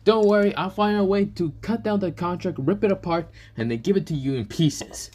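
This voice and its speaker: A man's voice: medium pitch, expressive, fairly quick, dark tone, natural voice. A man voicing a brash, foul-mouthed young swordsman spirit who taunts and curses. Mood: taunting. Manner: cursing, taunting.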